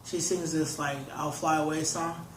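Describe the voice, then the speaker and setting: A man's voice: on the high side, little pitch movement, moderate pace, slight background noise. A young man, an interview guest, telling a long story in casual talk, rambling and filling his sentences with "like". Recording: roomy echo.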